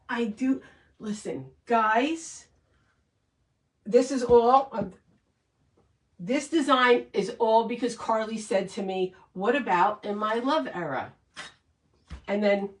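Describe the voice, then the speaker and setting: A woman's voice: mid-range voice, roomy sound, recorded from a distance, low-quality recording. A woman hosting a casual craft livestream, chatting and thanking viewers in an emotional, rambling way with many restarts.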